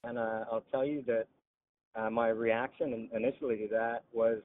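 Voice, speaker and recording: A veteran telling his story in an interview, halting with frequent "uh" pauses. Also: medium pitch, little pitch movement. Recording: tinny phone-like line.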